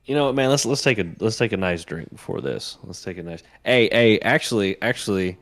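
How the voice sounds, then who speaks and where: A man's voice: fairly low pitch, brisk, a bit bright. A man co-hosting a casual sports chat show, ranting heatedly, swearing and repeating himself. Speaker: podcast co-host.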